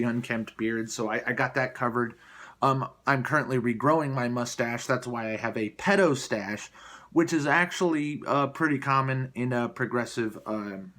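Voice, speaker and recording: A man's voice: medium pitch, fairly bright tone. A man doing improvised, single-take vlog commentary in a mocking, sarcastic, rambling way, recorded on a camera placed below him. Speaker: vlogger.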